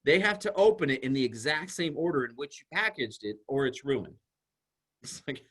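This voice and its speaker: A man, a school psychologist, giving an animated presentation to an audience and explaining ideas through everyday examples. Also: mid-range voice, normal speed, breathy edge.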